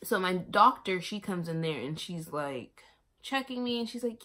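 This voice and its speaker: A young woman vlogger telling a long personal story in a casual, animated way, acting out other people's lines in a raised voice. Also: lowish voice, normal speed. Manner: animated, acts out the nurses' and her own lines in raised voices, laughs often.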